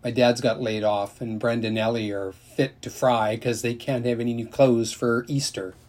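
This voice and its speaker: A man voicing a plain-spoken country boy with a drawling, husky way of talking. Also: mid-range voice, little pitch movement, normal speed, a little mellow, natural voice.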